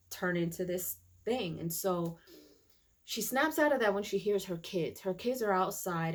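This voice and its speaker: Gravelly low-voiced woman recapping casually. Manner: chatty, many fillers and restarts. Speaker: YouTube TV reviewer.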